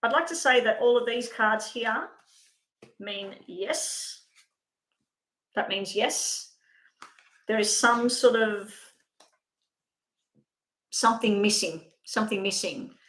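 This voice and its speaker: A woman's voice: fairly high pitch, slow pace, pauses often, a bit bright, roomy sound, low-quality recording. A woman giving a live tarot card reading, talking in a chatty, rambling way and breaking off mid-thought. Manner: chatty, rambling, self-interrupting. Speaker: tarot reader.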